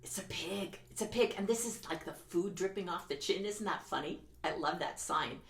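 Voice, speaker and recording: A woman's voice: on the low side, moderate pace. A woman children's musician leading an interactive sing-along, cheerful and teacherly, coaxing the audience to join in. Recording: roomy sound with loud guitar.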